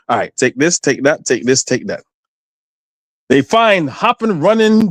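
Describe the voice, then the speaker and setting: Animated man telling stories. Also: a little high, measured pace, dry recording. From Guyana. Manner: animated storytelling with many restarts. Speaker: panelist. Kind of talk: casual panel discussion.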